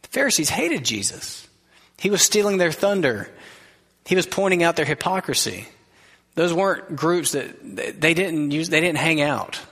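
A man preaching a sermon as pastor, earnest and conversational, dropping to a soft gentle voice for quoted words. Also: fairly high pitch, sing-song, moderate pace. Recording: long reverb of a large hall.

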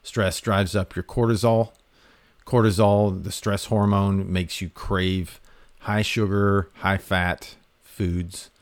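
A man hosting a talk, giving health advice in a relaxed, conversational way with fillers and restarts. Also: sits low, takes it slowly, no echo. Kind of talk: casual explanatory talk.

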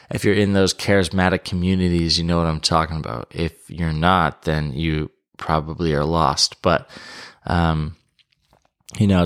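A man with a very low voice tells a story at an unhurried pace. His tone is smooth and resonant, and he talks in a loose, rambling way with frequent fillers. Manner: relaxed, rambling with many fillers. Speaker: podcast host. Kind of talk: casual storytelling.

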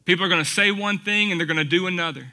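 A man's voice: high voice, racing, pushed and bright. A man preaching a sermon in a conversational, folksy way, asking the congregation rhetorical questions. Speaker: pastor.

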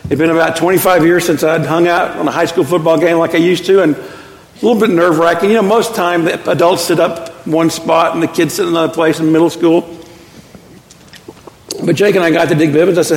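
A middle-aged man preaching a sermon as pastor, an animated storyteller with quick self-deprecating asides. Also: on the high side. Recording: echoey hall with long reverb.

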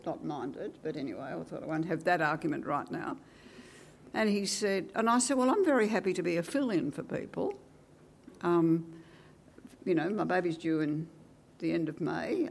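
Older aussie lady telling old teaching stories, gravelly voice, bit of hiss behind. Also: on the low side. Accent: Australian. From Australia. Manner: lively storyteller, acting out dialogue with wry asides. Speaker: retired teacher. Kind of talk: oral history reminiscence.

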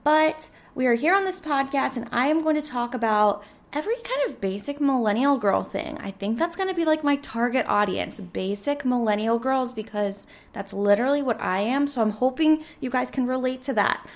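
A young woman in her twenties hosts a casual solo podcast, rambling cheerfully with plenty of filler words. Her voice sits a little high and sounds slightly hoarse, as if she is losing it. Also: animated, normal speed, hardly any pauses. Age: 20s. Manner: rambling, chatty, full of "like" fillers. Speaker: podcast host.

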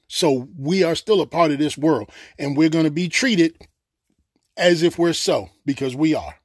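A man's voice: on the high side, moderate pace, husky, no echo. Earnest preacher guy giving an off-the-cuff sermon, gets emotional, dry close sound. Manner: earnest, emotional, repeats phrases for emphasis. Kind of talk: unscripted sermon.

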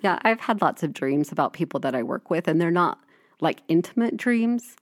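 A woman's voice: fairly low pitch, moderate pace, no echo, clean studio sound. A woman in her forties co-hosting a podcast in casual chat, telling stories and acting out quoted lines. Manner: animated storyteller, acts out quoted lines. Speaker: podcast co-host.

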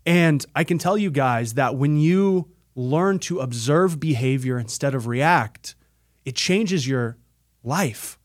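A man's voice: medium pitch, animated, takes it slowly. A man hosting a podcast, telling a personal story in an earnest, emphatic motivational style and repeating phrases for effect. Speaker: podcast host.

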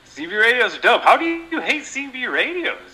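A man's voice: very high-pitched, a little fast, low-quality recording. A man hosting a casual podcast chat, swearing freely, laughing often and telling stories with lots of energy. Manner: swears a lot, laughs often, animated storytelling. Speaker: podcast host.

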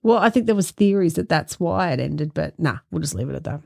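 A woman's voice: low voice, animated, gravelly, warm tone, dry recording. Gender: woman. Role: podcast co-host. Style: casual banter. Sound: dry and close. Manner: chatty, quick asides and laughs.

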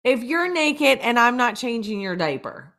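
A woman with a high, bright voice co-hosts a casual podcast chat. She backs up her friend with affirmations and throws in jokes of her own. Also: very animated, measured pace. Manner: supportive, joking, frequent affirmations. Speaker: podcast co-host.

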